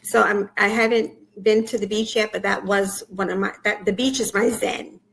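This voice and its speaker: A woman being interviewed over a video call, her voice full of fry and gravel. She keeps her answers short and soft-spoken, with a faint hiss of noise behind her. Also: mid-range voice, steady tone, normal speed, low-quality recording. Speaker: podcast guest.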